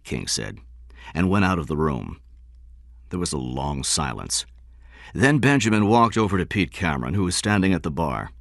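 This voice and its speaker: Male storyteller, lowish voice, wildly varied pitch, dry booth sound. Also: big pitch swings, normal speed, creaky, a bit bright, no echo. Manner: raises pitch for character lines, drops low for narration. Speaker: narrator. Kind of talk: audiobook reading with voiced dialogue.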